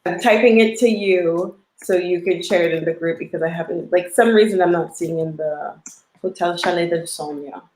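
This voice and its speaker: A woman's voice: lowish voice, normal speed, darkish tone, reverberant, slight background noise, poor audio. A woman from the United States, a guest on a live chat, talking casually and laughing easily as she trails off mid-sentence. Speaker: guest, lives in Italy.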